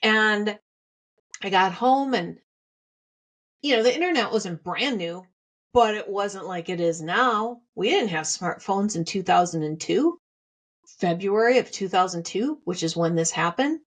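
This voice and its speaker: A woman's voice: mid-range voice, lively intonation, a little slow. A middle-aged woman hosting a podcast, candidly telling a personal story and repeating phrases for emphasis. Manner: candid and heartfelt. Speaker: podcast host.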